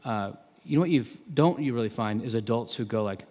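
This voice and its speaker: A man in his thirties preaching a sermon as pastor, turning loud and emphatic when he quotes scripture. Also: fast talker. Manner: emphatic, loud and high when quoting God. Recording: long reverb of a large hall.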